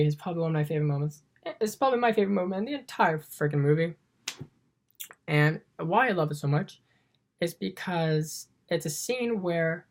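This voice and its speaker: Woman film reviewer, deep low voice, eager and rambling scene-by-scene recap. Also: darkish tone.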